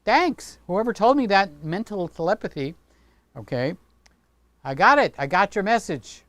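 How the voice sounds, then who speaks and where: Chatty livestream host, smooth dry voice. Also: male voice, sits high, lively intonation, measured pace, a bit bright, no room sound. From Greek heritage. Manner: chatty, playful, talks with his hands. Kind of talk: casual livestream chat.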